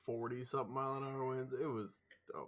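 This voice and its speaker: A man's voice: medium pitch, flat delivery, fast, highs cut off, slight background noise. A man chatting casually as a podcast co-host, with laid-back, profane remarks. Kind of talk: casual chat.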